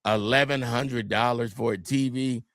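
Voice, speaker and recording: A man's voice: medium pitch, normal speed, no echo, studio quality. A man from California telling a family story on a podcast, acting out the people he quotes. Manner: animated storyteller, acts out quotes. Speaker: podcast co-host. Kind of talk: casual storytelling chat.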